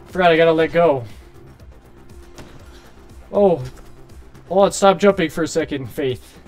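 A man doing casual, excitable gameplay commentary, swearing and shouting at his character while saying he is hungry and tired. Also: medium pitch, a little slow, pauses often, faint music behind. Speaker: gaming streamer.

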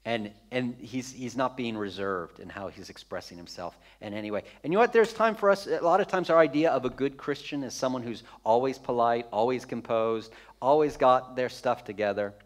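A man's voice: medium pitch, brisk. A man preaching a sermon as pastor, conversational and emphatic, repeating phrases for effect with touches of humor.

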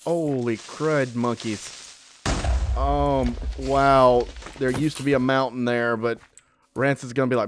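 Chatty man narrating his gameplay, excitable and quick to yelp, mid-pitched, slight hiss on the recording. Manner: chatty, excitable, yelps when startled. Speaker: let's play gamer. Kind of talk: casual gameplay commentary.

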